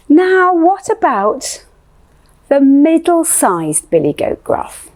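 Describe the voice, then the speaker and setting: Slow, lively woman teaching music. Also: sits high. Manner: playful, sing-song questioning. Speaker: children's music leader. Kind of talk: children's music lesson.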